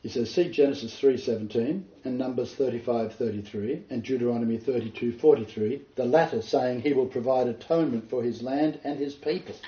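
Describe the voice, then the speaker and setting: Male Bible teacher, earnest and explanatory, mellow tone, roomy distant lo-fi recording. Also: mid-range voice, brisk, hardly any pauses. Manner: earnest, explanatory, quotes scripture and commentators. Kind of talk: informal Bible study teaching. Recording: roomy, distant, dull lo-fi sound.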